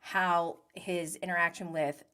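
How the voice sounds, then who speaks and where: Chatty, bright-voiced woman recapping TV. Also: fairly low pitch, level tone, measured pace. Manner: chatty, giggly, acts out quotes. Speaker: reality TV recap host. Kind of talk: casual video recap.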